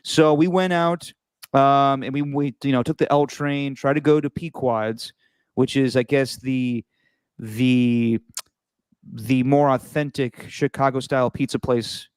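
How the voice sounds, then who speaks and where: Animated man telling a story on a podcast. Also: mid-range voice, unhurried, clean tone, no room sound. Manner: animated, repeats words and restarts while telling stories. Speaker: podcast host. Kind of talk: casual storytelling chat.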